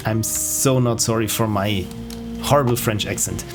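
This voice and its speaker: A man giving relaxed, rambling gameplay commentary on a livestream, with self-deprecating asides. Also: fairly low pitch, normal speed, over music. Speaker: game streamer.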